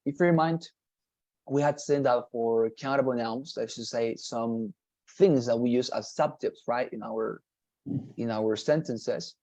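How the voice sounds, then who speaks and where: A man leads an online English lesson, patiently repeating each word and checking understanding. His voice sits at a mid pitch, and the recording is dry and close. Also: a little mellow, no echo, low-quality recording. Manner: patient, repetitive, models pronunciations slowly, frequent "right?" checks. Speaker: English teacher.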